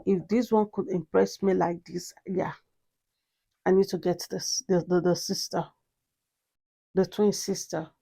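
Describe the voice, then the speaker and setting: A woman's voice: on the low side, steady tone, a little slow, vocal fry, pauses often, warm tone, breathy edge. A woman reviewing a perfume in a casual vlog, gushing and repeating herself with many exclamations. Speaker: fragrance reviewer.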